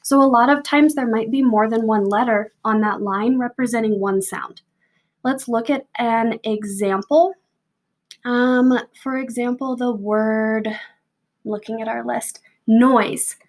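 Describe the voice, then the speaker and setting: A woman's voice: on the high side, fairly even intonation. A young American woman teacher recording a patient, step-by-step spelling lesson for families. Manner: patient, slow, step-by-step prompting. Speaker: second grade teacher. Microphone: home video recording.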